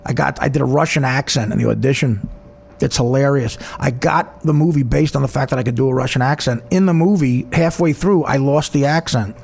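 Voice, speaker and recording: A man's voice: mid-range voice, brisk, gravelly, darkish tone, breathy edge. A man with a New Jersey accent, a comedian telling a personal story in a rambling, profane, self-mocking way.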